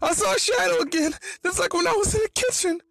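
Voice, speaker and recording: A man's voice: very high voice, fast talker, creaky, a bit bright, pitched above the performer's own voice, exaggerated voice. Man putting on a flustered young woman. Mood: startled.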